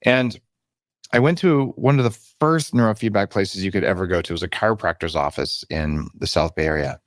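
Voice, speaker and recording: Speaking briskly, a man in his fifties, a biohacking author on a podcast, relays candid stories and plays out the voices within them. He's animated, changing pitch for emphasis, heard in a dry, clean studio recording.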